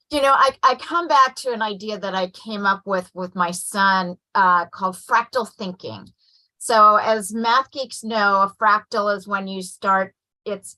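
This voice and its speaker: Panel guest: a bright-voiced mother, animated, acts out the voices in her anecdotes. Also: mid-range voice, rough recording. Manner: animated storyteller, acts out quotes. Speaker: parent panelist. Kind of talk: casual panel talk.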